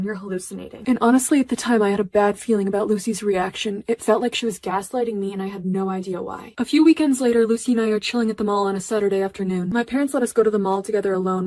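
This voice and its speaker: A woman hosting a storytime video, narrating stories in a casual, chatty way with lots of "like" and fillers. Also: medium pitch. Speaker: storytime channel host.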